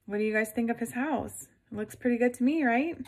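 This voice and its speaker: A woman reading a picture book aloud to children, gently stopping to ask her listeners questions. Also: fairly high pitch, fairly quick.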